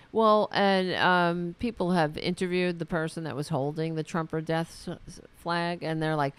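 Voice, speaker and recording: A woman hosting a casual political commentary show, sarcastic, profane and mocking, swinging between loud and soft. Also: sits low, a little slow, clean tone.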